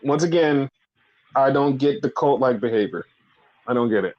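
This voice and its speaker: A man's voice: medium pitch, normal speed, muffled recording. A man co-hosting a casual wrestling podcast, ranting with lots of swearing and repetition. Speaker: podcast co-host.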